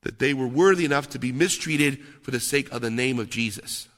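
A man preaching a sermon, telling stories with lively asides and frequent "okay?" checks with the listeners. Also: mid-range voice, a little fast. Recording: long reverb of a large hall.

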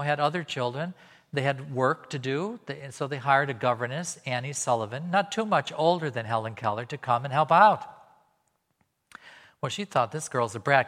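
A man preaching from the pulpit with a medium-pitched voice, telling stories and putting on quick voices for the people he quotes. His voice carries a long reverb tail from a large hall. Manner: animated storytelling, acting out quoted voices. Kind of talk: sermon.

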